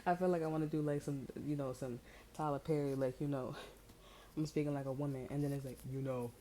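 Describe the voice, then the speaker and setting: A woman's voice: sits low, fairly even intonation, moderate pace, pauses often, mellow, rough recording. A woman tarot reader in slangy, rambling casual chat, amused and full of fillers. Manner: amused, breaks into laughter.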